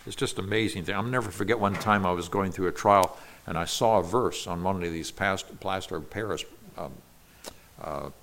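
A man's voice: low-pitched, normal speed, fairly bright tone, slight background noise. Earnest man teaching scripture. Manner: earnest, explanatory, with small restarts. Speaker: Bible teacher. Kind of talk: expository Bible teaching.

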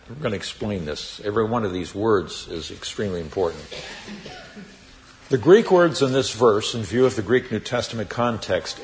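A man giving a Bible teaching sermon, reading scripture emphatically and explaining it deliberately with occasional fillers. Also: lowish voice.

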